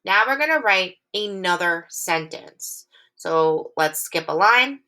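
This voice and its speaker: A woman teacher giving a recorded phonics lesson to young children. She is clear, patient and encouraging, and reads the sample sentences slowly and with lots of expression. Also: lowish voice, lively intonation, pushed and bright. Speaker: elementary school teacher.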